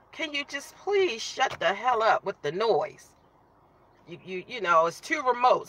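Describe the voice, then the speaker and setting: Woman chatting on her live stream, greeting folks and eating, bright and bouncy. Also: mid-range voice. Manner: chatty, greets viewers by name, talks while eating. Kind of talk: casual live-stream chat.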